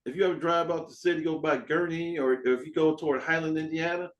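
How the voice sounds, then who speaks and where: A man hosting a podcast in casual chat, an animated storyteller who acts out dialogue and swears freely. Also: fairly high pitch, fast, poor audio. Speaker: podcast host.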